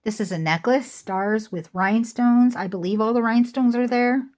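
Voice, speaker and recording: A woman's voice: a little high, normal speed, a little mellow. A middle-aged woman chatting casually as she shows jewelry for sale at home, rambling off into asides. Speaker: online jewelry seller. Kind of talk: casual chat while showing jewelry. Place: home room with a squeaky chair.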